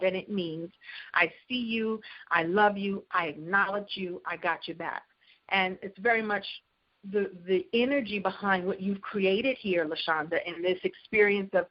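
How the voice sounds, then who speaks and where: Middle-aged woman speaker, animated motivational storyteller, mid-pitched, slightly dull recording. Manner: animated storytelling, acts out catchphrases. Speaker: keynote speaker. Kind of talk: motivational keynote talk.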